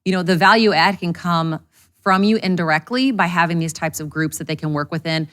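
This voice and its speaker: Woman, interview guest, rapid talk, lowish voice, blunt and casual, swears. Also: a bit bright. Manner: fast, candid, swears freely. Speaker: interview guest, business owner.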